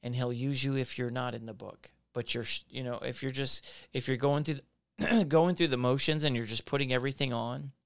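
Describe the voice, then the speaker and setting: A man's voice: mid-range voice, fairly even intonation, fairly quick, vocal fry, dry recording. A man hosting a devotional podcast, preaching in repetitive, building exhortations. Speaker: podcast host.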